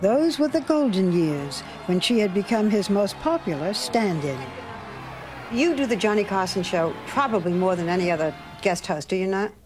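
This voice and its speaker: A woman narrating and interviewing for a television news program, with a measured, formal delivery. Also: medium pitch, animated. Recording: narration over background music.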